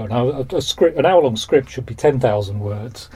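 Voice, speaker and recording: A man's voice: medium pitch, lively intonation, normal speed, mellow, breathy edge. A man, a producer, recalling a story in a chatty and amused way. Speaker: audio series producer. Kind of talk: casual interview.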